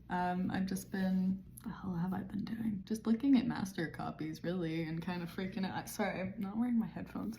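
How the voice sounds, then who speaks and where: A woman's voice: medium pitch, vocal fry, dark tone, a little hiss or hum. A woman writer vlogging her progress late at night, crying and laughing as she rambles, sometimes dropping to a whisper. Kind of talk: late-night casual vlog. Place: indoors at her computer.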